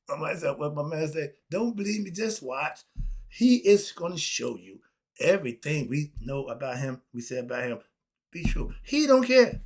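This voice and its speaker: A man with a slightly high voice delivers an unscripted solo rant. He fires off rhetorical questions, laughs between points and swings from loud bursts to low mutters. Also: breathy edge. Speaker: commentary channel host.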